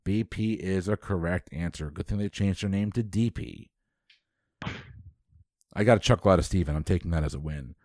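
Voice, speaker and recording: A man hosting a trivia quiz, reading questions briskly and dropping dry quips. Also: low-pitched, darkish tone, no room sound.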